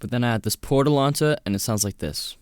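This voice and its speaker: A man's voice: mid-range voice, quick pace. A man hosting a music production tutorial, explaining each step in a matter-of-fact voice-over. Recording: voice-over with loud music playing. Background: loud electronic music.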